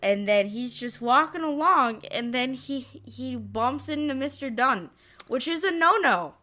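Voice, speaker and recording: A woman co-hosts a podcast in a casual movie review chat, recapping a film's plot in a rambling, hesitant way and forgetting names. Her voice is high and sharp, with lively intonation and a slightly slow pace.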